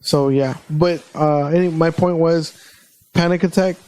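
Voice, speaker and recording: High-voiced man telling a story. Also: smooth, rough recording. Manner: animated, swearing, quick retelling. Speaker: podcast co-host. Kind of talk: casual storytelling.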